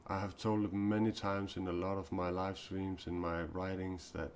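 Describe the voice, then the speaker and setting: Low-voiced male spiritual speaker, halting and heartfelt, live-stream monologue. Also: level tone, a little mellow, slight background noise. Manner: earnest, confessional, halting. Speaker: self-described mystic and spiritual speaker. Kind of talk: improvised live-stream talk.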